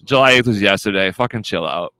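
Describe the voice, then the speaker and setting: A man's voice: on the low side, fast talker, pushed and bright, dry recording. A man hosting a casual podcast, rambling and swearing through a story. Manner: rambling, swears a lot, laughs at own stories. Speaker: podcast host. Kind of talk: casual profane chat.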